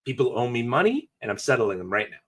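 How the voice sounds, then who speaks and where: A man's voice: medium pitch, sing-song, quick pace, fairly bright tone, slightly rough, pitched below the performer's own voice. A man voicing a stern ancient king. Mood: dismissive. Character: stern but merciful ancient king, male.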